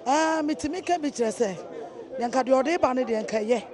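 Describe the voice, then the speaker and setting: A woman's voice: sits high, fairly quick, crowd noise. A Ghanaian woman interviewed at a busy outdoor station, speaking indignantly and with emphasis.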